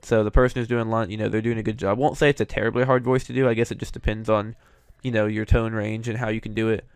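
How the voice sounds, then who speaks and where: A man's voice: lowish voice, flat delivery, fast, smooth, no room sound. A man hosting, giving casual, hedging commentary on cartoon voice recasts, with frequent fillers. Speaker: host reviewing voice recasts.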